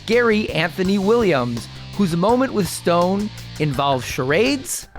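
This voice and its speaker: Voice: mid-range voice, sing-song, unhurried, soft background music. Podcast host reading jokey introductions. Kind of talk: scripted narration.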